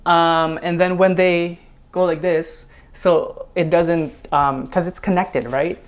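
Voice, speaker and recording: A man hosting a casual dance reaction video, chatty, laughing often and filling pauses with ums. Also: on the high side, fairly even intonation.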